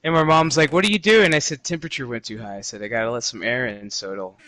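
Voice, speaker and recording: A man's voice: mid-range voice, quick pace, no room sound, low-quality recording. A man co-hosting a gaming podcast in casual chat, telling stories with lots of swearing and quoting people in other voices. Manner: animated storyteller, swears freely, acts out quotes.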